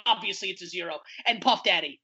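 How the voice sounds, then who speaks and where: A man in his thirties rants with exasperation in a casual chat, filling his talk with "like." His voice is bright and forceful, with a husky edge. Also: high voice, fast, muffled recording. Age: 30s. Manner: exasperated ranting, heavy "like" fillers. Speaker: podcast co-host.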